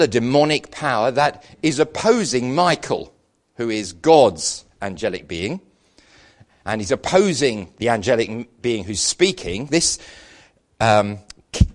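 A middle-aged Englishman preaching a sermon, telling stories with self-deprecating humour. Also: mid-range voice.

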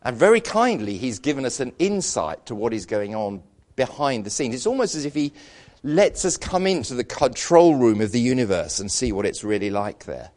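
A man's voice: mid-range voice, lively intonation, moderate pace, a little mellow. A middle-aged Englishman preaching a sermon, telling stories with self-deprecating humour.

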